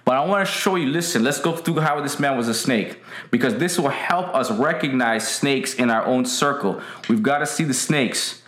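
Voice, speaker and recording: A man's voice: mid-range voice, normal speed, fairly bright tone. A man preaching a casual, emphatic sermon to an online audience, repeating his key lines and greeting viewers by name. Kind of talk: livestream sermon. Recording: roomy echo.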